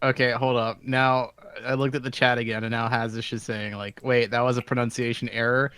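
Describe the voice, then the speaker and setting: A man's voice: medium pitch, fairly quick. A man co-hosting a podcast, chatting animatedly and reading viewer comments aloud. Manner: animated, reads out chat comments. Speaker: podcast co-host. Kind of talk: casual chat.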